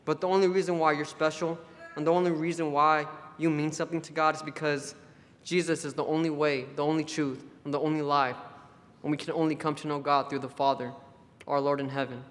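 Man, preacher, conversational storytelling sermon, slightly high voice, long hall reverb. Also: fairly even intonation, brisk, a bit bright. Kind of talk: sermon at a church camp.

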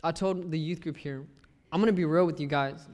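A man's voice: a little high, brisk. A man preaching in a church, his slightly raised voice trailing off into a long hall echo. He tells personal stories with life and acts out the people in them. The setting is a sermon. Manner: lively storyteller who acts out the people he quotes.

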